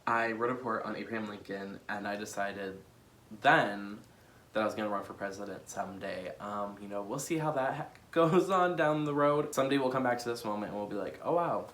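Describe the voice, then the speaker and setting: In a casual vlog, a young American man who is both a vlogger and a political candidate speaks with emotion, laughing, holding back tears, and using many fillers. His voice is fairly low yet a bit bright, and there's a little hiss or hum in the audio.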